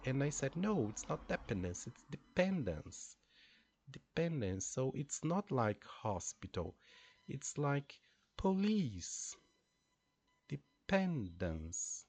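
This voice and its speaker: A man who is not a native English speaker, teaching pronunciation slowly and deliberately and repeating words for drilling. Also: medium pitch, a little hiss or hum. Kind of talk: pronunciation lesson.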